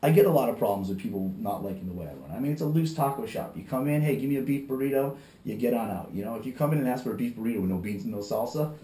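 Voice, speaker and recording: A man, a restaurant owner and podcast guest, telling rambling stories in casual chat and acting out his customers in quick quotes. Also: lowish voice, animated, mellow. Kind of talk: casual storytelling. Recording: roomy echo.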